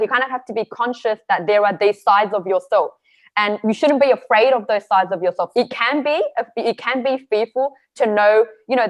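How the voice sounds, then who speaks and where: A woman guest speaking earnestly about her own experiences, often pausing to search for words, heard over a video call. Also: medium pitch. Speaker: panel guest. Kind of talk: reflective personal sharing.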